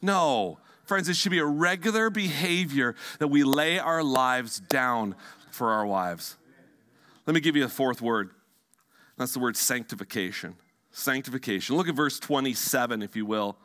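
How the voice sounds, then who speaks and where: A male pastor preaching a sermon in a church, animated and emphatic at times, then dropping to hushed, quiet tones. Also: medium pitch, moderate pace. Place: church sanctuary.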